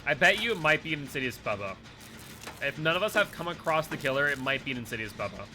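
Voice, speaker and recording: A man giving live commentary while playing a game, excitable and quick to laugh, jumping to shouts when startled. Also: a little high, noisy background. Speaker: game streamer.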